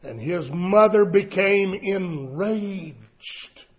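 High-voiced preacher, slow and dramatic. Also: male voice, lively intonation, lo-fi sound. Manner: dramatic, swings from shouts to hushed tones. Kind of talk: sermon.

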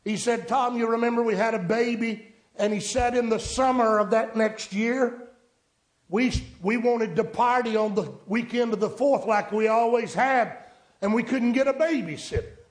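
Male country preacher, high voice, storytelling sermon, echoey church sound. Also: normal speed. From rural United States. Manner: storytelling preacher, rising to emphatic pleas.

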